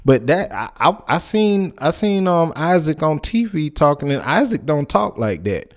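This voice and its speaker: A man's voice: a little high, sing-song, measured pace. A man in his forties hosting a podcast, giving casual commentary and personal stories in a loose, rambling way with many restarts. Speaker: podcast host.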